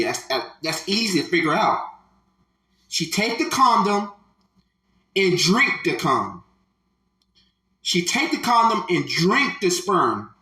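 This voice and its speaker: A man giving slow, emphatic, preachy commentary on a clip, repeating his phrases. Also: high-pitched, sharp tone, roomy sound, rough recording.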